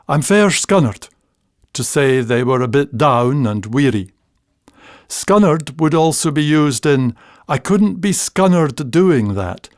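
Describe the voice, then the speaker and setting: Slow, dry-voiced older man reminiscing. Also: mid-range voice, dry recording. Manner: fond, unhurried storytelling. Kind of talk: scripted memoir narration.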